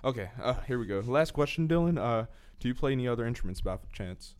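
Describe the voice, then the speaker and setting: A man's voice: medium pitch, lively intonation, quick pace, darkish tone, smooth. A young man co-hosting a student radio show, joking and sarcastic in casual chat. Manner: jokey, sarcastic, rambling.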